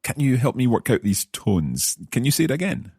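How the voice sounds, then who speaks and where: A man's voice: mid-range voice, big pitch swings, normal speed, warm tone, slightly rough, no room sound, clean studio sound. A man, a learner co-hosting a language lesson, who asks curious questions and repeats phrases after the teacher. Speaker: learner co-host.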